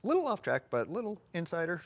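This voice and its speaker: A man's voice: high voice, huge pitch swings, fast. A man co-hosting a live stream, chatting casually and reading out viewer comments. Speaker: live chat co-host.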